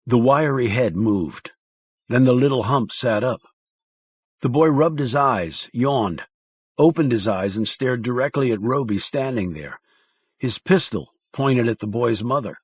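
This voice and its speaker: A man reading a thriller audiobook in a measured, dramatic narration style. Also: mid-range voice, lively intonation, darkish tone, slightly rough, no room sound.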